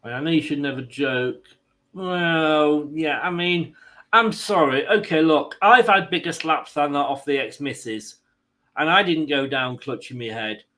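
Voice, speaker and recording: A man's voice: a little high, unhurried, pushed and bright. A man hosting a football watchalong stream, mixing live match commentary with rambling, self-mocking jokes.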